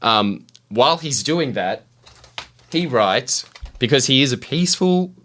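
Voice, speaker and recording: Bright-voiced joking podcast host. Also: male voice, medium pitch, animated, measured pace. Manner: jokey storytelling, mock-solemn asides. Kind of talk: casual podcast chat. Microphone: studio mic.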